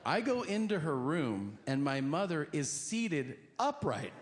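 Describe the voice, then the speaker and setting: A man's voice: fairly high pitch, very animated, unhurried, hardly any pauses, heavy background noise. A man comedian telling a stand-up story, laughing through it as he goes. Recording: echoey room with loud ambience.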